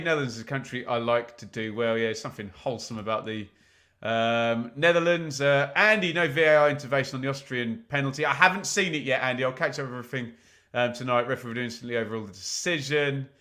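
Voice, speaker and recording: A man's voice: medium pitch, pushed and bright. A man hosting a live football watch-along, chatting casually with viewers and reading their comments, with frequent "um" fillers.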